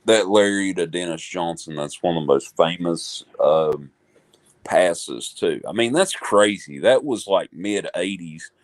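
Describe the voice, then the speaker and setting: A man's voice: low voice, animated, measured pace, a little hiss or hum. A man co-hosting a sports podcast, chatting casually and telling long, rambling stories with lots of fillers. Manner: rambling storyteller, frequent fillers. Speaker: podcast co-host.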